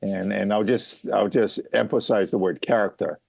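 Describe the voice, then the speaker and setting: Middle-aged male farmer from Hawaii, lowish voice, dry recording, chatty explainer with frequent ums and restarts. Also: fairly even intonation, normal speed, vocal fry, a little mellow, breathy edge, no echo. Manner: explanatory, lots of fillers and restarts. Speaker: mango farmer guest. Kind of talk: casual interview talk.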